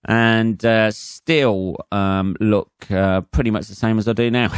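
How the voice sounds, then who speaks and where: A man's voice: on the low side, fairly even intonation, slow, clean tone, dry recording, studio quality. A man in his forties with an English accent, a comedian hosting his own podcast in a rambling, profane monologue full of fillers and restarts.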